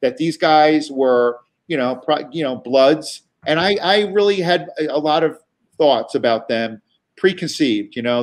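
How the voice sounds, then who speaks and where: Chatty New man, slightly high voice. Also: unhurried. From New York. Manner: chatty, profane, many restarts and fillers. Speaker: guest comedian. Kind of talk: casual storytelling.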